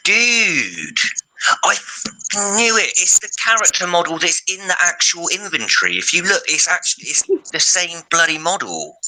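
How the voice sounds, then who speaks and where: Chatty co-host guy, super bright tone, voice bouncing up and down. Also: fairly high pitch, expressive, normal speed, low-quality recording. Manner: enthusiastic, chatty, speculating. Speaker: podcast co-host. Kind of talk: casual livestream chat.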